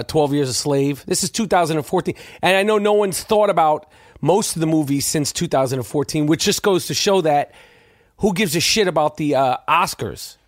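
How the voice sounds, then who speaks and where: A man's voice: medium pitch, no room sound, clean studio sound. A man hosting his own podcast, rambling through a profane opinion monologue with lots of stammered restarts. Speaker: podcast host.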